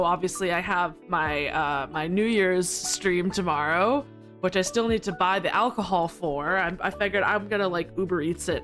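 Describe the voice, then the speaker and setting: A woman streamer chatting casually to her live audience, rambling with lots of giggles and jumping up into squeaky protests when flustered. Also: a bit bright. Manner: giggly, rambling, with frequent laughter.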